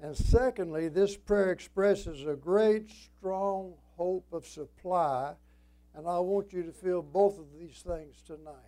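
A man preaching a sermon in an evening church service, with a strong preaching cadence that swings between emphatic rises and hushed drops. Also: high-pitched. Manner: slow and deliberate.

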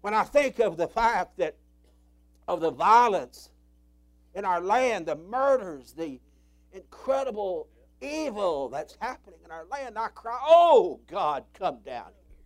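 Impassioned high-voiced male preacher. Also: lively intonation, measured pace. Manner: impassioned, swings from loud cries to low murmurs. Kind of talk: sermon.

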